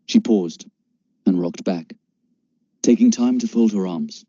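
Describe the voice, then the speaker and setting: A male narrator reads a first-person story in steady storytelling. His voice is very dark and somewhat husky. The recording is dull, dry and lo-fi. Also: fairly low pitch, slow pace, dry recording. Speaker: audiobook narrator.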